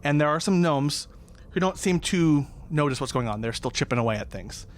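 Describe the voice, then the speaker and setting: A man's voice: on the high side, lively intonation, brisk. A man narrating a tabletop game as dungeon master, in a loose, rambling way.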